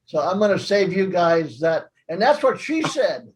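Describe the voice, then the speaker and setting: Middle-aged American man, higher voice, chatty class host, jokey and rambling. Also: sing-song, normal speed, rough recording. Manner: chatty, jokey, laughs at his own asides. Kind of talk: casual teaching chat.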